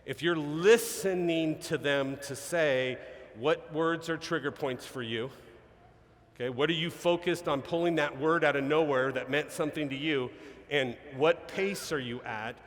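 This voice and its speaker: Energetic man lecturing in a hall. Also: on the high side, normal speed, a little hiss or hum. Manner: energetic, punctuates with rhetorical "okay?" and "right?". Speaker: sales trainer. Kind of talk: live seminar talk to a sales team. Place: large event hall. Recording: reverberant event hall.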